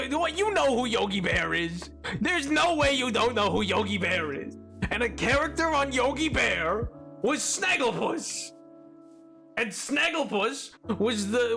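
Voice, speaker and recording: A man's voice: very high-pitched, sharp tone. A man streaming a game, chatting casually and playfully with his viewers in a rambling way. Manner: rambling, playful, bantering with chat. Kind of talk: casual livestream chat.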